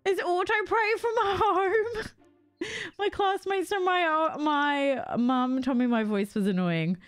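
A woman's voice: extremely high pitch, takes it slowly, no echo, soft background music. A young British woman streaming a cozy game, chatting casually with viewers in a giggly, self-mocking way. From Britain. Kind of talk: casual gameplay chat with chat readers.

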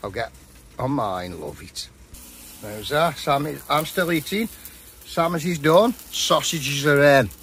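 A man's voice: on the high side, lively intonation, takes it slowly, fairly bright tone, a little hiss or hum. A man chatting casually and matily while cooking outdoors at a campsite. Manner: chatty, matey, rambling. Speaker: vlogger.

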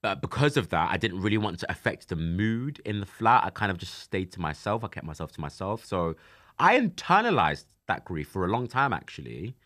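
Man in his twenties, show host, lively ups and downs, lowish voice, casual solo chat. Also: brisk. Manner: animated, laughs easily, turns soft and emotional when talking about grief. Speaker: podcast host. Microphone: studio microphone.

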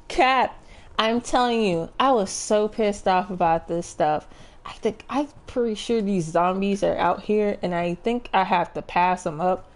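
A young adult woman telling a story with animated, profane energy and lots of restarts while she plays a game. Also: mid-range voice, takes it slowly. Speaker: gaming streamer. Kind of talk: casual storytelling while playing.

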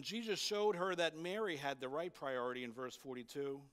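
Brief: male pastor with a high voice, preaching emphatically and posing rhetorical questions to the congregation in church. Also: fairly quick, few pauses, a bit bright. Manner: emphatic, repeats key points for effect. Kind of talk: sermon.

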